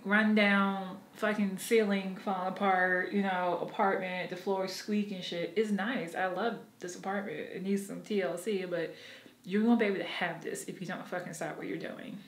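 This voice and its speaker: A woman with a medium-pitched voice records a casual confessional vlog in her apartment, and the sound is roomy. She talks candidly, curses plenty and laughs at herself as she goes.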